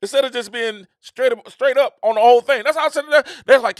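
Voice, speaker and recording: Man, middle-aged, host, animated repetitive rants, dry recording. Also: very high voice, fast talker, hardly any pauses, no echo. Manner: animated, repetitive, preacher-like cadence. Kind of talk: casual opinion monologue.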